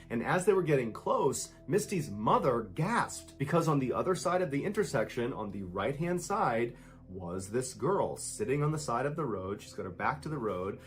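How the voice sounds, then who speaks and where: A man tells a scripted true story in a suspenseful storyteller style. His pitch rises and falls in a lively way, building to urgency at the tense moments. Soft music plays faintly underneath.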